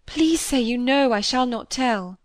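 A timid young woman in a storybook reading, pitched well above the reader's own voice and close to tears. She speaks softly and pleads with the people around her, voiced by a woman narrator. The recording is dry and close. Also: expressive, a little slow, no room sound. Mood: tearful. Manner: pleading, soft-spoken.

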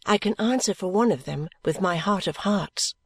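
A woman narrating a novel in a measured, steady storytelling manner. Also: medium pitch, husky, no echo. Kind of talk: scripted narration.

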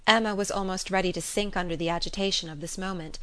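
A woman reads a classic novel aloud in a measured, even storytelling manner. Her voice sits on the low side. The recording is close and dry. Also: smooth, no echo. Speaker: narrator. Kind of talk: audiobook reading of a classic novel.

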